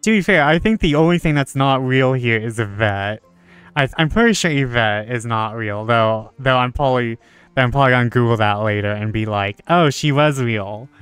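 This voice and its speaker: A man's voice: mid-range voice, moderate pace, a bit bright, clean tone, no echo, faint music behind. Giggly man commenting on a game. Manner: giggly, laughs often, playful asides. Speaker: game streamer. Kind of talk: let's play commentary.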